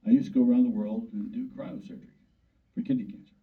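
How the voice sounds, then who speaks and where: A man's voice: mid-range voice, steady tone, fast talker, recorded from a distance. An older man speaks in a blunt, folksy, plain-spoken way as a doctor addressing a club audience. His voice is thin and tinny, as if heard over a phone line. He stands some way back from the microphone. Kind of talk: informal talk to an audience. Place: meeting room.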